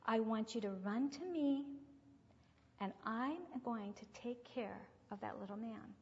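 A woman with a fairly high voice preaching and telling stories, acting out each voice she quotes. The sound is dull and lo-fi, with a long reverb trailing off the walls of a large hall. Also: unhurried. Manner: animated storyteller who acts out quoted voices. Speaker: religious speaker. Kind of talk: sermon with storytelling.

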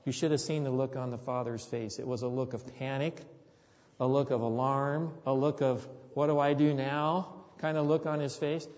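A man's voice: mid-range voice, steady tone, normal speed, darkish tone. A man preaching a sermon, telling a story earnestly and often repeating his words. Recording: dull sound with long hall reverb.

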